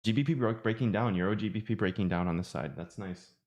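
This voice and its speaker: Speaking quickly with a lowish, faintly mellow tone, this man from Ireland streams live trading commentary. His running take on the charts is rambling and talkative, full of self-mockery.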